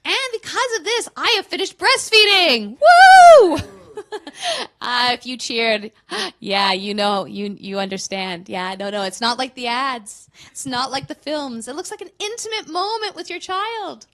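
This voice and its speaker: A woman in her thirties performing a stand-up comedy set, telling candid, self-mocking stories with quick punchlines. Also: high voice, lively intonation, sharp tone. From Canada.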